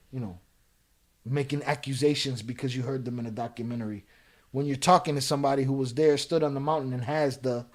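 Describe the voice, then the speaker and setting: A man's voice: medium pitch, darkish tone. A man hosting a live reaction stream, reading viewer comments aloud and firing back at a troll with profane, heated rants. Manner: laid-back, explaining points with repeated "you know".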